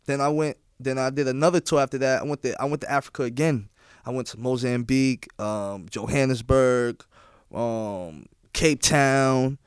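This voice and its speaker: A young man talks in a smooth, clear voice at an average pitch, sounding close and dry. He tells his stories in relaxed street slang and keeps checking in with the listener. He is a DJ guest on a casual podcast. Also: moderate pace, no echo. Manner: laid-back slang, repeats "you feel what I'm saying". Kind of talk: casual podcast interview storytelling.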